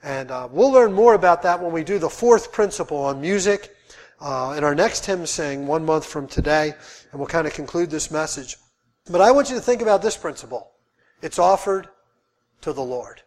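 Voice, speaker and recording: Emphatic high-voiced male preacher. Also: lively intonation, normal speed. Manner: emphatic, repeating key phrases. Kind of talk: sermon.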